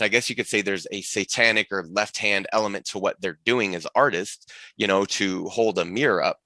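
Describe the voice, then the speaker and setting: A man's voice: on the low side, a little fast, pushed and bright, no room sound. A man telling stories as a podcast guest in casual conversation, rambling with frequent restarts and asides.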